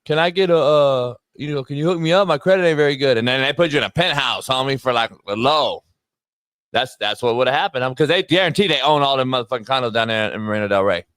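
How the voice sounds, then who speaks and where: A man's voice: medium pitch, expressive, fast talker, a bit bright, clean tone, dry recording, studio quality. A man co-hosting a sports talk show, ranting heatedly and swearing often in casual chat.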